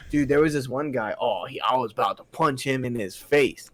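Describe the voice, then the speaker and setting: A man's voice: mid-range voice, moderate pace, few pauses, no echo. A young man co-hosting a podcast, telling work stories in casual chat, acting out customers and laughing often. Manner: animated storytelling, acts out customers, laughs a lot. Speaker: podcast co-host.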